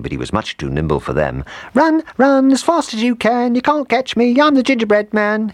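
A man reading a children's storybook aloud, in an animated, expressive way. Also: rumbling low, no room sound. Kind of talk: storybook narration.

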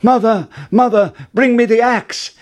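A man voicing an eager, excited young boy hero in a storybook reading, breathless and bright. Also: extremely high pitch, a little slow, pitched above the performer's own voice. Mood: urgent.

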